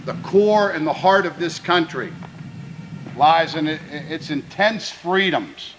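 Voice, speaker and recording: A man who is a high school football head coach, giving an earnest, plainspoken pregame speech to his players and often restarting his phrases. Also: slow, long pauses, slight background noise, low-quality recording. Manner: grows louder and more fervent when speaking of country.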